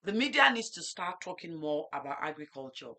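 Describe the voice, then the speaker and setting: A middle-aged Nigerian woman hosting a farm talk show, telling lively stories and acting out market exchanges. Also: deep voice, fairly quick. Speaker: farm host. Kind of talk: casual chat.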